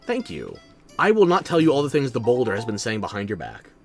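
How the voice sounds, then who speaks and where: A man's voice: mid-range voice, huge pitch swings, a little fast, soft background music. A tired man streaming a video game, talking in a sardonic, theatrical way. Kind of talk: game commentary.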